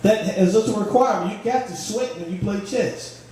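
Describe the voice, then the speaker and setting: A young man does a stand-up set in a comedy club, his fairly high voice mellow and unhurried as he spins stories. He sounds a little sweaty from working the stage. The mic sits far from him, so the room rings with heavy echo. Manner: laid-back storytelling with frequent "man". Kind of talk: stand-up routine.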